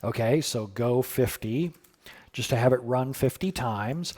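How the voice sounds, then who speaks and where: A man's voice: medium pitch, measured pace, darkish tone. A middle-aged man live coding on a stream, thinking aloud casually with sudden surprised exclamations and answering chat questions.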